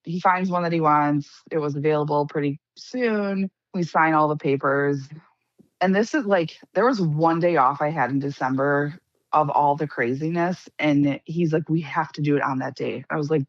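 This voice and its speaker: A young woman recounts a personal story in a casual, lively way, playing out quoted lines herself. Her voice sits low with a gravelly fry, recorded close and dry on a slightly dull, lo-fi track. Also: normal speed, no echo. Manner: lively, acts out quoted dialogue. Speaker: interviewee recounting being scammed.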